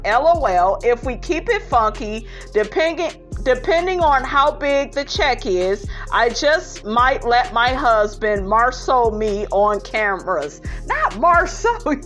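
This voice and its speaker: A woman's voice: on the high side, a bit bright. A woman, giving sassy casual commentary and reading out viewer comments, calling her viewers honey. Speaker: commentary host.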